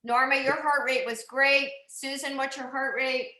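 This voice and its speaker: A woman's voice: high-pitched, fairly even intonation, moderate pace, pushed and bright. A woman coaching an indoor cycling class, upbeat and encouraging, calling out numbers and cheering riders on. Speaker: cycling instructor. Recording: echoey room.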